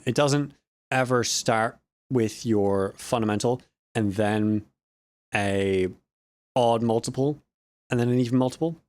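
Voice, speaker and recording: Rambling man with lively pitch. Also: no echo. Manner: rambling, self-correcting, joking asides. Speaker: audio student vlogger. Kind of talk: casual explanatory vlog.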